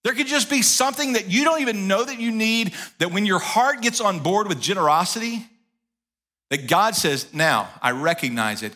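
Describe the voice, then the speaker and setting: Male pastor, high bright voice, very animated delivery, conversational sermon. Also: moderate pace. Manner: animated, conversational preaching with acted asides.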